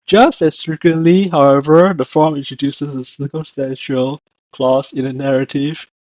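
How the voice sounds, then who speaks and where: A man teaching a language lesson, speaking slowly and deliberately and repeating each word to show how it is pronounced. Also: on the high side, fairly even intonation, darkish tone, no echo. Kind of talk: slow instructional narration. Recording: dull lo-fi dry voice-over.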